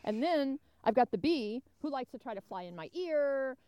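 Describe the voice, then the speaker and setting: A woman telling an exasperated, animated story in casual chat as a podcast co-host. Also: sits high, normal speed, clear, resonant tone, highs cut off.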